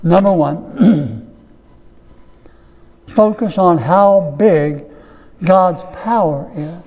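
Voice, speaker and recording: A pastor delivering a sermon, preaching slowly and emphatically, repeating key phrases. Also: male voice, high-pitched, animated, warm tone, long reverb tail, lo-fi sound.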